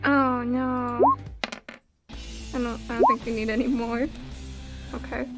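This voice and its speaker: Female tabletop game player, high voice, slow hesitant replies, music clearly behind. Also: steady tone.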